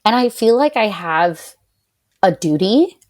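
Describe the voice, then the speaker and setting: A young woman talks through a hard personal story as a podcast guest, with an average pitch. She is animated and fills her speech with "like," and when she quotes other people she jumps into a higher, livelier voice. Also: takes it slowly. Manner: animated, heavy use of "like", quotes others in raised voice. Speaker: podcast guest, patient advocate.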